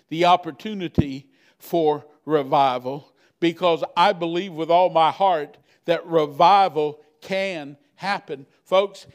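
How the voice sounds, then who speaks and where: A man preaching a sermon as pastor, building intensity through repeated rhetorical questions. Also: high-pitched.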